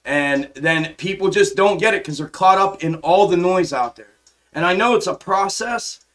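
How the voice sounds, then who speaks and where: A man with a fairly high voice rants on his live stream, swearing freely and circling back over the same points. His talk is passionate and exasperated, full of false starts and repeated phrases. He sounds like he is at a home desk mic. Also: normal speed, a bit bright. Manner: profane, repetitive, frustrated ranting with frequent restarts. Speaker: stock trading live streamer. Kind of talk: impassioned ranting monologue.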